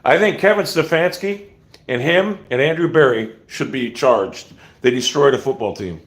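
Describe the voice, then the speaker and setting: A man's voice: mid-range voice, expressive, moderate pace. A man hosting a casual livestream, ranting bluntly with profanity and rambling asides. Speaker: livestream host.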